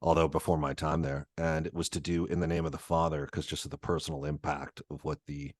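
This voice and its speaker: Male host, very deep and dry; chatty storyteller, laughs easily. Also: flat delivery, fast, dry recording. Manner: rambling anecdotes, laughs often, swears. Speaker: podcast host. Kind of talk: casual interview chat.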